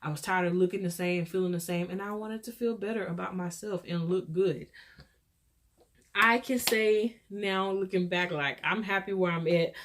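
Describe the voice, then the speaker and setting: A woman's voice: on the low side, fairly even intonation, moderate pace, a little hiss or hum. A woman with a Texas accent hosting her own show, rambling through an encouraging, preachy pep talk. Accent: Texan. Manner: scattered, rambling. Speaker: podcast host. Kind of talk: rambling solo chat.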